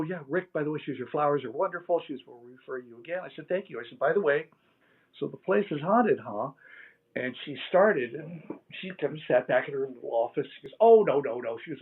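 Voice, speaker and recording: Middle-aged male guest, lively storyteller, tinny phone-like sound. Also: mid-range voice. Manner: animated storyteller acting out quoted dialogue. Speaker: interview guest. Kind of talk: storytelling in a live interview. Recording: tinny phone-line audio.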